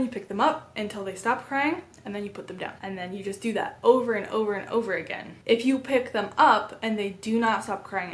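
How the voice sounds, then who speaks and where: A woman in her thirties calmly explaining a baby sleep method, earnest and step by step. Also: mid-range voice, slight background noise. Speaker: parenting educator. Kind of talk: instructional talk to camera.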